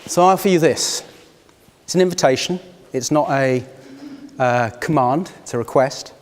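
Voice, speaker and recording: A man's voice: medium pitch, moderate pace, slight background noise. Man facilitating in a reverberant hall. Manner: reflective, inviting, personal storytelling. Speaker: workshop facilitator. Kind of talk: live workshop talk to a group. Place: conference room.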